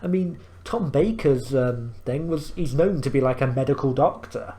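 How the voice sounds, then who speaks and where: A man's voice: mid-range voice, animated, moderate pace, dark tone. A man hosting a reaction video, explaining things in rambling casual commentary full of fillers and restarts.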